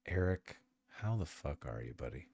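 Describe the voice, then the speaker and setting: A man's voice: rumbling low, animated, moderate pace, darkish tone. A man hosting a tabletop game stream in casual chat, jokey and profane, laughing often. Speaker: game master and stream host.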